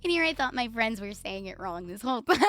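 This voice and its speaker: A woman streamer with a Puerto Rican accent and a slightly high voice talks loosely with her chat. She is teasing, self-mocking and freely profane. Faint music plays behind her home microphone. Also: sharp tone. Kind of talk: casual live-stream chat.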